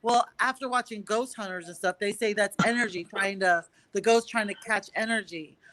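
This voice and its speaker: A woman in her thirties on a video call, telling a ghost story in an animated way during a casual stream chat. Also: medium pitch, moderate pace. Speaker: guest, twin sister.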